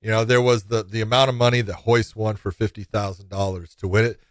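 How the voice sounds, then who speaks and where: A man co-hosting a sports podcast in casual chat, telling animated stories and laughing at himself. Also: on the low side, fast, no echo, studio quality. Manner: animated storyteller, acts out quotes. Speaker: podcast co-host.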